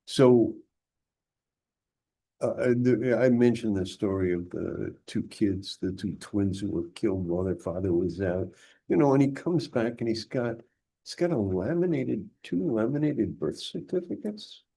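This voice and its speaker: Older man, dark low voice, emphatic. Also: lively intonation, unhurried, creaky, breathy edge. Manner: emphatic, with frequent restarts. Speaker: guest historian. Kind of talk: conversational interview.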